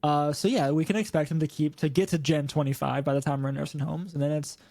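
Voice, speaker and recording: A young man co-hosting a casual podcast, rambling and animated as he chats, slipping into mock voices. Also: on the high side, fast, gravelly. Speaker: podcast co-host. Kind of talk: casual chat about video games.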